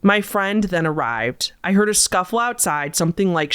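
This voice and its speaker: A woman's voice: on the low side, animated, normal speed, a bit bright, clean tone. A woman host reading viewer-submitted scary stories aloud and breaking in with disgusted, sarcastic asides. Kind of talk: storytelling reading with reactions.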